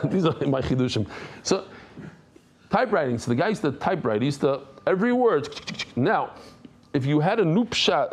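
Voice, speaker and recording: A middle-aged man, a rabbi, teaching a daily Talmud class in an animated, conversational way, mixing Hebrew and Aramaic terms into his English. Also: medium pitch, slight background noise. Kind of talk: lively Talmud lesson.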